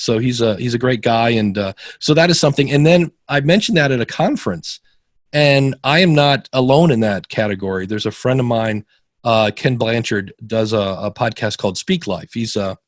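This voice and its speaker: A man's voice: mid-range voice, moderate pace, no room sound, clean studio sound. A middle-aged man guesting on a podcast, telling stories casually and acting out the people he quotes with big jumps in his voice. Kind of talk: casual interview storytelling.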